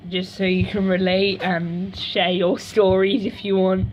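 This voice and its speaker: A woman's voice: medium pitch, level tone, measured pace, darkish tone, slight background noise. A woman vlogging casually at home beside a washing machine, rambling and correcting herself as she goes. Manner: rambling, self-correcting, chatty asides. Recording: dull lo-fi home recording.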